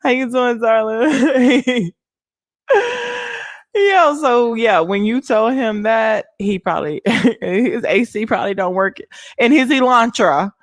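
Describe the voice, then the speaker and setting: A young adult woman hosting a casual livestream, animated and laughing as she thanks viewers by name. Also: on the high side, takes it slowly, dry recording, studio quality. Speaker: livestream host.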